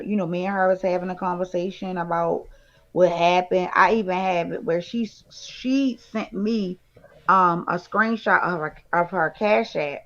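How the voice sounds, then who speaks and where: A woman's voice: lowish voice, fairly bright tone, highs cut off. A woman co-hosting a casual chat show, venting indignantly about her troubles. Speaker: podcast co-host.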